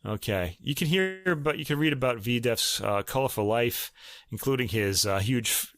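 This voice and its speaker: A man talking through recordings as a podcast co-host, loose and conversational, pausing with ums as he thinks aloud. His voice sits at an ordinary middle pitch. The recording is dry and close, with no room sound. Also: expressive, a bit bright, dry recording. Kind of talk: casual chat about recordings.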